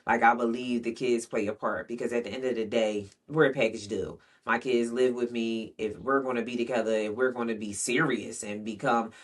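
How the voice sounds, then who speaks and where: A man's voice: medium pitch, fairly even intonation, fairly quick, few pauses, distant mic. A man telling a frank, rambling personal story in casual slang, storytime vlog style. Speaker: vlogger. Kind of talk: candid storytime monologue.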